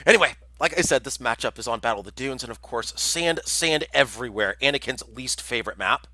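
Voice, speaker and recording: A man's voice: medium pitch, expressive, fairly quick, pushed and bright, dry recording. A man casting a community game tournament on a livestream, chatty and jokey, reading out chat messages. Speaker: tournament caster.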